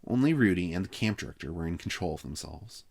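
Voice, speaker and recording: A man reading a children's novel aloud with steady, expressive narration. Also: deep voice, quick pace, vocal fry. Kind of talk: read-aloud story narration.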